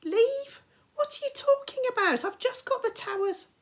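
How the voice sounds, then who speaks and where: A woman voicing a quick, bossy teenage girl with a high, loud voice. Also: animated. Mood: annoyed.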